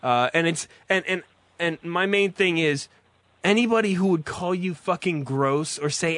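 A man's voice: sits high, expressive, moderate pace, a bit bright, no room sound. A man hosting a call-in show, swearing a lot and rambling in a self-mocking way. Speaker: radio call-in show host. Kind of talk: crude comedic call-in monologue.

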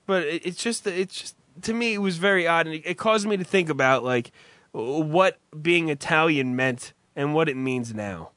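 A man's voice: on the high side, lively intonation, normal speed, a bit bright, no room sound. A man telling a rambling, profane story in casual chat with a co-host, full of restarts. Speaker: podcast co-host.

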